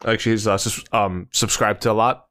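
A man's voice: lowish voice, steady tone, moderate pace, a bit bright. A man co-hosting a podcast in casual chat, laid-back, with crude slang and chuckles. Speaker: podcast co-host.

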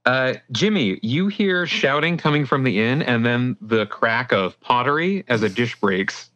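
A man narrating as game master of a tabletop game, relaxed and descriptive, with many fillers. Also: medium pitch, a little slow, no room sound, highs cut off.

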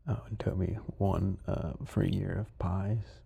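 A man hosting a sleep podcast, retelling a TV episode in a low-key, rambling way that sometimes drops to a whisper. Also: fairly even intonation, slow pace, vocal fry, dark tone, slightly rough. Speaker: podcast host.

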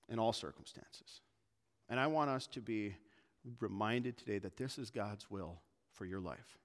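A man preaching a sermon as pastor, earnest and conversational, addressing his church family with frequent restarts. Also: mid-range voice. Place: church sanctuary. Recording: long hall reverb.

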